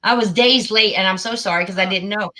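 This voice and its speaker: Bright-voiced emphatic woman host. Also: mid-range voice, a little fast. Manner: emphatic, repeats words, talks over guest. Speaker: livestream host. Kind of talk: casual livestream chat.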